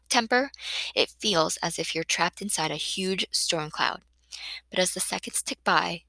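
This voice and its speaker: A woman narrating a first-person novel in an expressive, emotional reading on a close studio mic. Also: fairly low pitch, vocal fry, dry recording, low-quality recording. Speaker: audiobook narrator.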